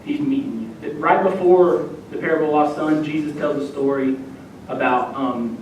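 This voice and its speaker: A man's voice: normal speed, darkish tone. A young man, a youth minister preaching a sermon and telling a personal story, acting out the voices he quotes. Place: church sanctuary. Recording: echoey church hall, distant mic, faint rumble.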